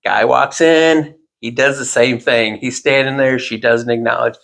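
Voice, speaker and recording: A man's voice: mid-range voice, steady tone, measured pace, gravelly, fairly bright tone. A man telling a long, rambling personal anecdote in casual chat, with self-deprecating asides.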